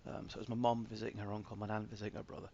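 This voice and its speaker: Gravelly man chatting frankly. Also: on the low side, little pitch movement, rapid-fire, a little mellow, highs cut off, a little hiss or hum. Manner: frank, sweary, self-deprecating, stammering restarts. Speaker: author. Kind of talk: casual podcast conversation.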